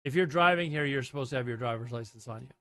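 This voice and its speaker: A man's voice: medium pitch, very fast, fairly bright tone, dry recording. Rambling male streamer, dry close sound. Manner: rambling, reads chat aloud and answers it. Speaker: livestream host. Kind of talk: casual live commentary.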